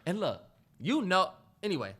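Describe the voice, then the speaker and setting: A man with a high, bright voice swings his pitch widely as he co-hosts a casual podcast chat. He tells a story animatedly and acts out the lines people said to him. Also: moderate pace, slightly rough. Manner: animated storyteller acting out quotes. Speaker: podcast co-host.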